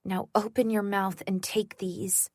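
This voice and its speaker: A woman reader voicing an unstable, obsessive young woman who pleads in a high, wailing voice. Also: little pitch movement, measured pace, darkish tone, no room sound, clean studio sound, natural voice. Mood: cold menacing. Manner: high pleading wail breaking into begging.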